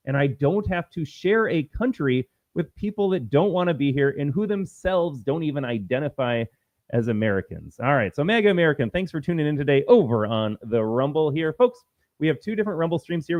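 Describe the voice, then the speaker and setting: A man's voice: on the high side, dry recording, highs cut off. A man hosting a political commentary livestream, talking in an emphatic, combative and repetitive way. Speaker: host.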